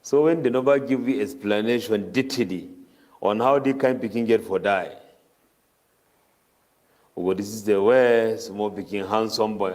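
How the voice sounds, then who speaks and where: A man preaching a Ramadan tafseer sermon in Cameroonian Pidgin English, chanting Arabic verses rapidly between his explanations. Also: fairly low pitch, darkish tone.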